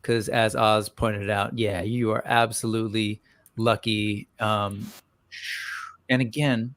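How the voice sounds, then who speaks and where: A man's voice: on the low side, flat delivery, slow pace, a bit bright. A man hosting a casual toy-news livestream, rambling and upbeat with many fillers, greeting viewers by name.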